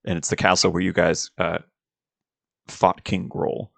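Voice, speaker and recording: A man's voice: sits low, monotone, a little slow, creaky, fairly bright tone. A man running a tabletop game as game master, narrating scenes in a rambling way full of fillers. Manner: rambling, filler-heavy description.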